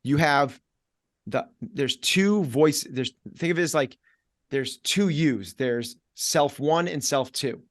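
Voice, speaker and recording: Energetic middle-aged coach, dry close sound. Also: male voice, a little high, slow, no echo. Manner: energetic, acts out inner voices in quoted asides; repetitive, punchy coaching delivery. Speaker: fitness coach, podcast guest. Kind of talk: podcast conversation.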